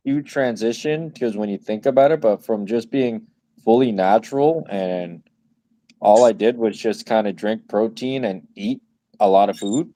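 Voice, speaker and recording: A podcast co-host in his twenties tells stories in relaxed, slangy conversation and laughs a lot. His voice is on the low side and mellow. There's no echo.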